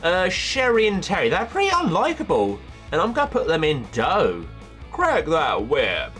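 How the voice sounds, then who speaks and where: A man doing casual tier-list commentary as a YouTuber, offhand and jokey, firing off quick verdicts. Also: high voice, wildly swooping pitch, a bit bright, soft background music. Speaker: YouTuber ranking cartoon characters.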